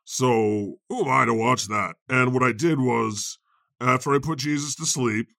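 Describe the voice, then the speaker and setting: A man playing God as a casual, deadpan talk-show host in an improvised comedy show. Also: mid-range voice, unhurried, creaky, dry recording, clean studio sound.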